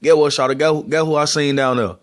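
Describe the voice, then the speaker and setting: A man's voice: fairly high pitch, fairly even intonation, fairly quick, close to an everyday voice. A man imitating a laid-back, slangy country man with an Atlanta accent, in drawling street talk. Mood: joking.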